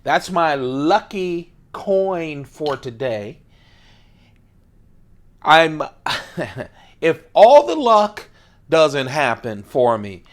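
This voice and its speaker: Man, casual show-and-tell vlog, playful, chuckly, unhurried delivery. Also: mid-range voice. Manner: playful, enthusiastic, chuckling, drawn-out emphasis. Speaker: host of an everyday-carry knife channel.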